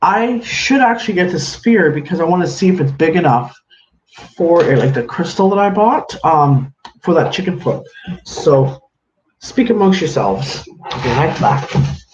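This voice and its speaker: Brief: male streamer, slightly high voice, chatty and casual, greets viewers by name; echoey room, dull lo-fi audio. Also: expressive, a little slow. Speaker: livestream host. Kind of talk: casual livestream chat. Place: home room with a counter. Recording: echoey room, dull lo-fi sound, faint hiss.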